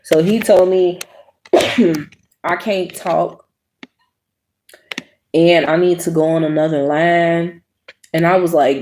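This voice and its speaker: A woman's voice: on the low side, slow, pauses often, slight background noise. A young adult woman telling viewers a personal story in a blunt, profane, casual way, acting out what people said. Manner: blunt, profane, animated quoting. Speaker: host.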